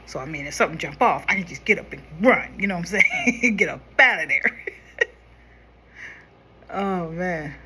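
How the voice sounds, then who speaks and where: Young woman, makeup vlogger, bright forward tone, easygoing chatter with quieter focused moments. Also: on the low side, a little hiss or hum. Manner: chatty, talks to viewers while applying makeup, drops quieter when concentrating. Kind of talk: casual makeup tutorial chat.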